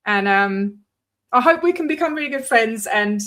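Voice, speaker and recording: A woman's voice: fairly high pitch, lively intonation, normal speed, fairly bright tone. A woman host from Scotland with a London accent and an Australian twang, chatting casually and swearing freely in an interview.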